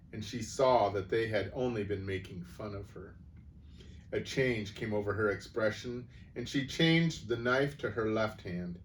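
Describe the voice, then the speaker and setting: A man reading a children's book aloud as a storyteller, relaxed, sometimes correcting himself. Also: mid-range voice. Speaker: storyteller at a church. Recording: distant mic with faint background noise.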